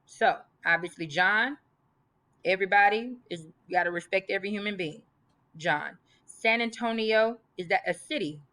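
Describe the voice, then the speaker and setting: A woman's voice: medium pitch, normal speed, bright, forceful tone. A woman teaching a grammar lesson, emphatic and reading example sentences aloud. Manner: emphatic, repeats list items aloud.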